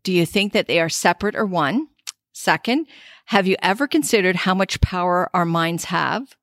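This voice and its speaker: A woman's voice: lowish voice, expressive, normal speed, no echo, studio quality. A woman hosting a spiritual podcast, reflective and heartfelt. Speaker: podcast host. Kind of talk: casual podcast talk.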